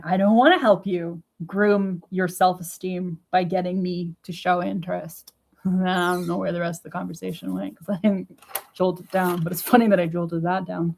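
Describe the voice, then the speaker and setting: A woman's voice: fairly low pitch, creaky, a little mellow. A woman recording a casual diary vlog at home, talking bluntly and with swearing as she retells a chat and vents about it. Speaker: vlogger. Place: at home indoors.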